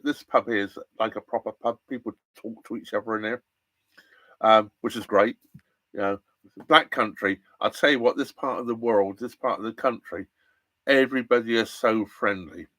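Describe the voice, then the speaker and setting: A man's voice: medium pitch, no echo. Chatty English man, dry close sound. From England. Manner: rambling, chatty, with restarts and animated outbursts. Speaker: narrowboat live-streamer. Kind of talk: casual live-stream chat. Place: inside a narrowboat cabin.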